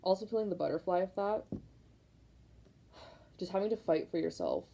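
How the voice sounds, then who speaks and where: A woman's voice: lowish voice, moderate pace, vocal fry, rough recording. A young woman doing a casual tarot reading, rambling and repeating herself with emphatic, fired-up encouragement. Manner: rambling, repetitive, emphatic, many likes; excited, fired up. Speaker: tarot reader.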